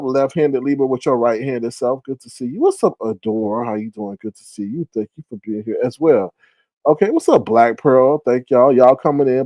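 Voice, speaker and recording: A man hosting a casual live stream, chatting with viewers and greeting them by name. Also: dry recording. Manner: animated, shoutouts to viewers, big jumps into high exclaims.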